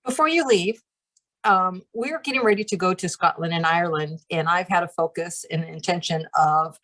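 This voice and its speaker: A woman's voice: fairly low pitch, normal speed, bright, forceful tone. A woman leading a channeling practice group who talks in a casual, chatty way, with many fillers and light laughs.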